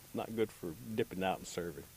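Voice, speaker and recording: A man's voice: deep voice, fast talker, darkish tone, slight background noise, lightly acted. A man voicing a busy village woman cooking beans in a told folktale, plain-spoken and a bit put-upon.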